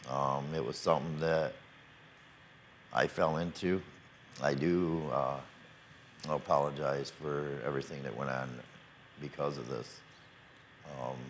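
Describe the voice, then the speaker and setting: Older male talk show guest, extremely deep voice, hesitant and halting. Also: a little hiss or hum. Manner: halting, hesitant, with many fillers.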